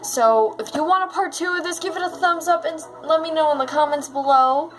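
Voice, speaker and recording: A chatty, excitable woman telling stories in a casual vlog. Her voice sits high and bright in pitch, and she talks to her viewers in a loose, conversational way. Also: a little fast, background noise. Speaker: YouTuber.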